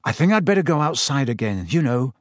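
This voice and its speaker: A man voicing a determined teenage boy wizard who speaks quietly and urgently. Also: medium pitch, sing-song, brisk, dry recording, studio quality, close to an everyday voice. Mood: pleading.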